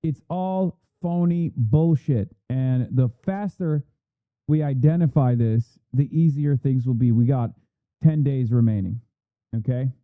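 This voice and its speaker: A man's voice: medium pitch, a little slow, dry recording. A man streaming live, commenting bluntly in a heated, profane way. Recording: phone-like thin audio, dry.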